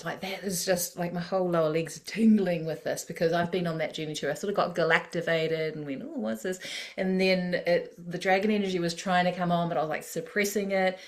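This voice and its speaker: A woman hosting a podcast in a casual spiritual conversation, reflective and animated, laughing often. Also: lowish voice. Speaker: podcast host.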